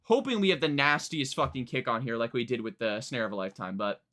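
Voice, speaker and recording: A young man chatting casually on a live music-reaction stream, rambling, excitable, and swearing freely. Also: mid-range voice, quick pace, heavy background noise. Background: faint music playing.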